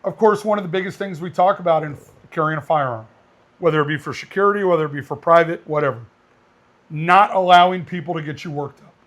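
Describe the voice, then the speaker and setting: A man co-hosting a casual podcast, a firearms instructor telling stories in a blunt, animated way. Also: fairly high pitch, fast.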